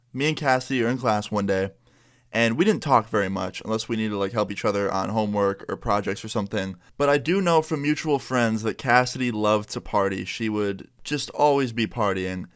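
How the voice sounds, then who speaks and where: A man's voice: medium pitch, clean tone. A young man telling a school story in a casual, profane way with lots of filler words.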